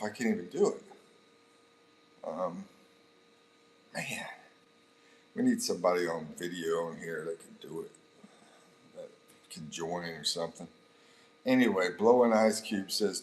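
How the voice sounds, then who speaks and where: An American man hosts a relaxed livestream in a low voice, joking with his viewers and reading their comments aloud. He laughs often and calls everyone bro. A faint hum of the room sits underneath. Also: a little slow, pauses often, low-quality recording. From United States. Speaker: livestream host. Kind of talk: casual live chat reading viewer comments.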